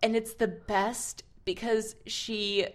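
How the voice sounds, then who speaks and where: A woman talking as a podcast co-host in casual chat, chatty and quick to pick up a story. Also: a little high. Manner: chatty, animated when retelling cartoon scenes.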